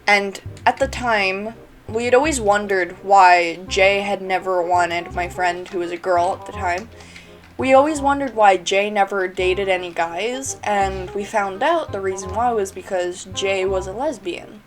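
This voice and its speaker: Female YouTuber, chatty storytime delivery with frequent giggles and a slow pace. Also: mid-range voice, faint music behind. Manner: giggly, chatty, laughs between phrases. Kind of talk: storytime vlog.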